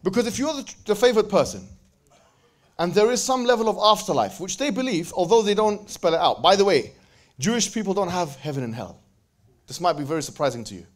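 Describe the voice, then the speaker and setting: A man giving a lively religious lecture to a live audience, joking and bantering with the crowd and quoting verses in quick Arabic recitation. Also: high-pitched. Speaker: speaker at a religious event.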